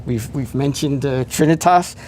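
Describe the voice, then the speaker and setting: A man's voice: mid-range voice, moderate pace, darkish tone, a little hiss or hum. Chatty man listing event details. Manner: lists details with frequent fillers and restarts. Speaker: event organizer guest. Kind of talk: casual interview chat.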